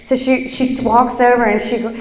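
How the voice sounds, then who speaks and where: A middle-aged woman giving a motivational workshop talk, telling stories in an animated, chatty way with lots of fillers. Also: on the high side, normal speed. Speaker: workshop speaker. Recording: echoey hall.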